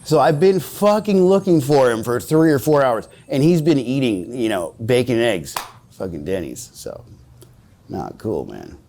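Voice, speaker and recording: A man's voice: mid-range voice, very animated, normal speed, mellow. A man in his forties, interviewed on the street, telling a rambling, profane story and acting out the other people's voices. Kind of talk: casual storytelling.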